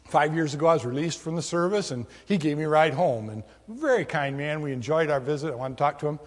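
A man's voice: fairly high pitch, expressive, fast, big-room sound. A man playing an earnest young ex-soldier. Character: earnest young ex-serviceman, polite.

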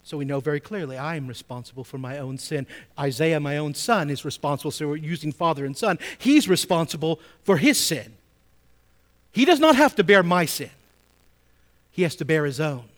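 A man preaching with a notably high voice for a man. He leans hard on key phrases, repeats them for weight, and moves between quiet asides and loud emphasis. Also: a little fast. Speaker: pastor. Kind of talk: sermon.

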